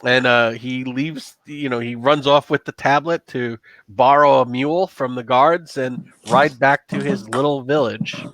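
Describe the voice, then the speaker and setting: A man narrating a tabletop horror game as game master, in a relaxed, chatty way. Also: medium pitch, a little slow, dry recording.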